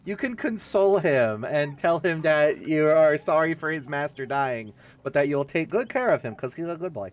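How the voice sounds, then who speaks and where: A man's voice: on the high side, animated, moderate pace, hardly any pauses, dull audio. Guy streaming a game, jokey and rambly, lots of ups and downs in his voice. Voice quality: rambling, jokey, self-mocking. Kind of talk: casual let's-play commentary.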